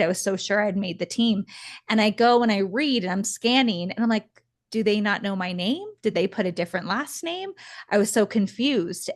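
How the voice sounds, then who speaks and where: A woman with a medium-pitched voice, co-hosting a podcast, tells a story in animated, casual chat, acting out the voices of the people she quotes.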